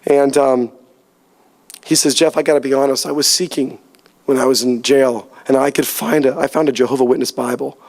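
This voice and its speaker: A man's voice: medium pitch, steady tone, a little fast, creaky, a little mellow, long reverb tail. A man telling his faith story to a church group in an earnest, storytelling way, close to tears as he goes. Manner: earnest storytelling, voice rising and cracking with emotion. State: near tears. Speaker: church speaker sharing testimony. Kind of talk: testimony talk to a church group.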